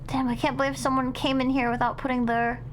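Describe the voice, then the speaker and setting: A young woman streaming a game live, excitable and dramatic, reacting out loud and swearing freely. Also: high voice, quick pace, a little hiss or hum. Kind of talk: live gameplay commentary.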